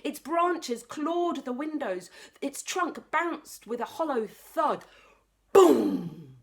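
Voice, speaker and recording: Female librarian narrator for a kids' storybook; slow, animated, whispers at tense moments. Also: high-pitched, gravelly. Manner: expressive, drops to whispers for tension. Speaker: librarian reading aloud. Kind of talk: children's storybook read-aloud.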